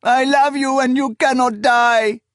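A man voicing a desperate young woman, sobbing and shrieking her pleas in a high, strained voice, in an audiobook reading. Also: fairly even intonation, unhurried, a bit bright, no room sound, clean studio sound. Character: young woman, desperate and grief-stricken wife.

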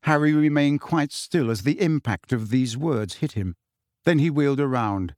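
A man narrating a novel as an audiobook, expressive and giving each character a voice. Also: mid-range voice, normal speed, dry recording. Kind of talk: scripted storybook narration.

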